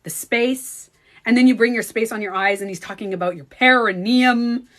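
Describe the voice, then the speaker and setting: A woman vlogger telling a personal story in casual chat, animated and swearing freely. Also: fairly high pitch, brisk. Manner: animated, swears freely, acts out quoted speech. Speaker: beauty coach vlogger.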